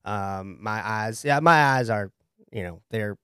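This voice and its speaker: A man's voice: lowish voice, takes it slowly, a bit bright, clear, resonant tone, dry recording, clean studio sound. A man playing a laid-back therapy client with a Southern accent and cotton balls for eyes, in an improvised comedy sketch. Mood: content.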